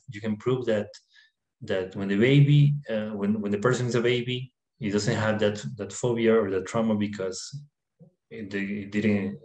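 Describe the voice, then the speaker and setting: A man explaining ideas about the mind in his apartment, in a halting way with many fillers and restarts. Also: lowish voice, darkish tone, echoey room, poor audio. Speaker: self-help video presenter. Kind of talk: informal talk to camera, reading a text aloud. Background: dog barking, fireworks and freeway traffic outside.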